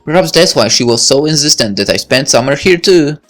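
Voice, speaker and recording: Reading from a visual novel, a woman takes on the part of a thoughtful senior girl in high school, musing as if in inner monologue. Her delivery is animated and fairly quick, with soft music in the background.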